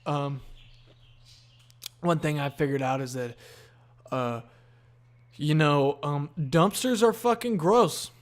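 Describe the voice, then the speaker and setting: A man's voice: a little high, slow, long pauses. A tired, yawning man hosting a solo podcast, rambling in a laid-back, profane stream of consciousness. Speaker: podcast host.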